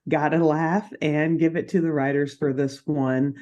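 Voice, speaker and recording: A woman co-hosting a podcast, recapping a cartoon episode in an animated, laughing chat. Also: sits low, dull audio. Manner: animated, laughing, quick asides. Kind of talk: casual chat.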